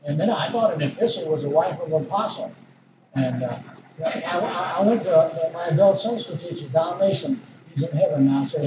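An older man preaches in a folksy, rambling way, circling back and restarting as he tells stories. His voice sits a little high and carries the roomy echo of a church. He is heard from some distance on a dull, noisy recording. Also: animated, fast talker. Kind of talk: sermon.

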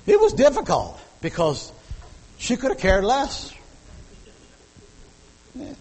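A man's voice: very high voice, huge pitch swings, slow, darkish tone, low-quality recording. A middle-aged man preaching a sermon. He tells folksy, humorous stories and repeats words as he builds up steam. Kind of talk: sermon with personal storytelling.

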